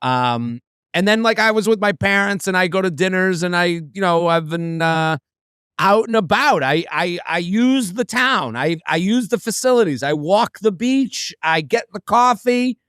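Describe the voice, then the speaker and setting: Male comedian co-host, animated storyteller who does the voices, high and expressive, recorded dry and close. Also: moderate pace, smooth, dry recording. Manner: animated, acts out other people's voices. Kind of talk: casual storytelling chat.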